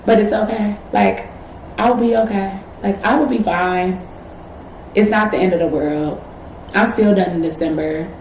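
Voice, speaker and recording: A woman's voice: mid-range voice, unhurried, darkish tone, slight background noise. A woman in her twenties, a medical student, talking candidly and reflectively in a personal vlog, encouraging herself with casual fillers. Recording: echoey room with faint ambience.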